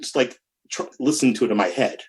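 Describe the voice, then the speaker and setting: A man's voice: medium pitch, fast, slight background noise. Man telling studio stories with laughter. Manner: animated, laughing, hums rhythms, many restarts. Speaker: musician guest. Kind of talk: casual storytelling interview.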